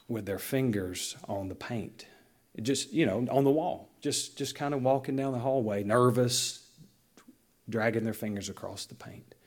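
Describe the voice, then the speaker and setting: A male pastor preaching to his congregation. His voice is a little husky, and he tells stories with lively, emphatic changes in loudness and pace. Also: fairly low pitch. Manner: animated storytelling with emphatic dynamic shifts. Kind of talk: sermon.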